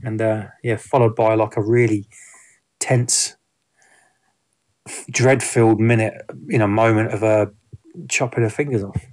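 A man's voice: fairly low pitch, steady tone, unhurried, long pauses, darkish tone. Rambling man reviewing a film. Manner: rambling, many fillers and restarts. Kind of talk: casual spoken film review.

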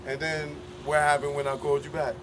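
A man's voice: on the high side, little pitch movement, brisk, fairly bright tone. A man hosting a street interview, asking direct, casual questions. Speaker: interviewer and host. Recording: street noise with passing vehicles.

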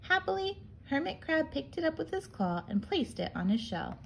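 A preschool teacher reading a picture book aloud to children in a gentle, animated storytelling manner. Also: female voice, high-pitched, normal speed, creaky, a little hiss or hum.

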